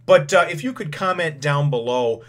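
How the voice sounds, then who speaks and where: A man's voice: on the high side, lively intonation, moderate pace. A man hosting his own channel, casually retelling a comic chapter, rambling with lots of "you know" fillers and the odd chuckle. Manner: chuckles now and then. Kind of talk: casual chat recap.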